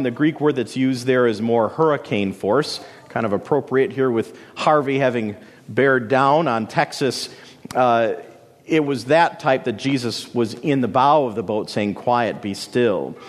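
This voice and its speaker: Male pastor, storytelling sermon delivery, mid-pitched voice, long hall reverb. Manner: dramatic storytelling preacher, swinging between soaring and hushed.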